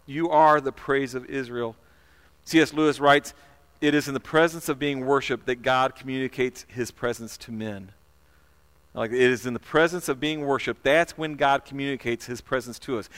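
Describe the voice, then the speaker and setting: A man's voice: on the high side, a bit bright, clean tone. A man preaching a sermon as pastor, earnest, often repeating words and leading his listeners in call-and-response.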